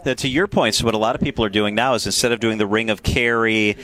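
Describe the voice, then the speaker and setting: A male radio host, talking in a casual, enthusiastic way. His voice sits somewhat low. He agrees readily and keeps the chat moving. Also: fast, a bit bright.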